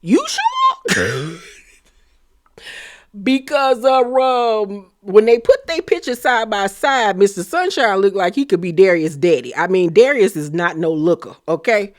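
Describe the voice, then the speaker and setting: A woman's voice: medium pitch, animated, measured pace. A woman giving a sassy, blunt, slang-filled casual recap of a reality show, laughing as she rants. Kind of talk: casual gossip recap commentary.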